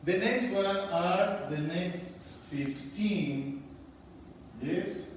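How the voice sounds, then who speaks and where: A male English teacher, encouraging a class of children and spelling words slowly letter by letter. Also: sits high. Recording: echoey, distant mic with long reverb and faint room noise.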